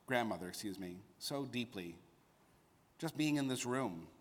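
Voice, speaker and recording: A man leads the service as rabbi, turning his sermon into a conversational story with pauses for emphasis. His voice sits in an ordinary middle pitch for a man. The synagogue sanctuary gives it a long, lingering reverb. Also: a bit bright. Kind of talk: sermon addressing a bar mitzvah boy.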